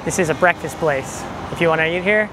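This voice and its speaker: A man's voice: on the high side, fairly quick, background noise. A man hosting a travel vlog, narrating in an upbeat, informative way. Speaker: host. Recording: music bed behind voice.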